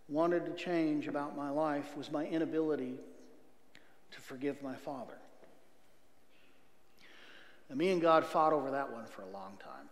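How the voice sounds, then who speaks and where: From a church pulpit, an earnest middle-aged man with a slightly high voice gives his testimony as a guest speaker. He alternates between loud outbursts and near whispers, his words echoing through a roomy sanctuary with long reverb.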